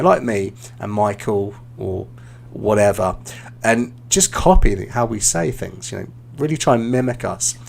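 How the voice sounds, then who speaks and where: A man with a British accent, an English teacher hosting a live stream, giving relaxed, encouraging speaking feedback with frequent "um" fillers. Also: fairly low pitch, vocal fry. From Britain.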